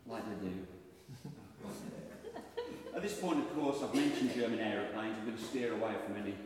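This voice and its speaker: A man's voice: fairly low pitch, moderate pace, a little mellow. A man with a Birmingham accent doing self-mocking stand-up comedy with rambling asides. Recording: echoey hall, distant mic, faint noise.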